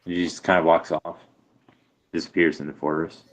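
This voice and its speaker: A man narrating as game master of a tabletop game, hesitant and full of pauses. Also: deep voice, level tone.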